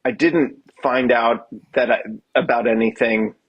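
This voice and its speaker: A man talks casually as a podcast guest, his voice a little husky at mid pitch. He stops and restarts his sentences often and leans on wry humor about himself. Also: steady tone, lo-fi sound. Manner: halting, many restarts, self-deprecating humor. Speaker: guest musician.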